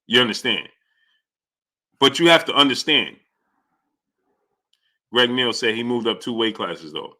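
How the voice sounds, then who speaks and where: A man's voice: mid-range voice, expressive, a little slow, long pauses, pushed and bright. A man hosting a live boxing talk stream, talking emphatically with repeated fillers and frequent "you understand?". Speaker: sports talk show host.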